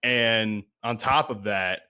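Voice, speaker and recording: Bright-voiced candid man on a podcast. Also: fairly low pitch, clean tone. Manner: candid, halting, self-deprecating. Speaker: podcast guest. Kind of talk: casual podcast chat.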